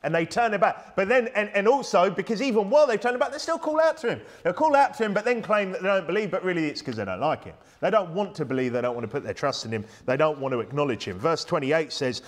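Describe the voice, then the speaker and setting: Male British preacher, emphatic and conversational, a bit high and very animated in pitch. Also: quick pace, hardly any pauses. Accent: British English. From United Kingdom. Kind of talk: sermon.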